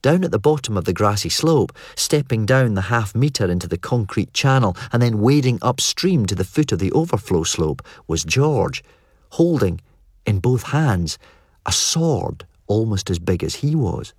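Male audiobook narrator, low-pitched, dry studio sound. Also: sing-song, normal speed, a little mellow, husky, no room sound. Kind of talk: scripted narration.

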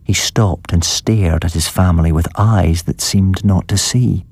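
Deep, husky man reading a story. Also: unhurried, darkish tone. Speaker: narrator.

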